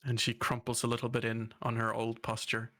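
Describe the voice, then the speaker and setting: A man's voice: medium pitch, monotone, brisk, sharp tone. A man playing a tabletop game, hesitantly describing his character's actions in detail. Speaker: player.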